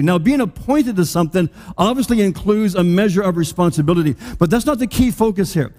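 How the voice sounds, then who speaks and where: A man preaching a sermon as pastor, talking conversationally and slowing down to stress the scripture he quotes. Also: sits high, animated, darkish tone. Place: church hall. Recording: long reverb of a large hall.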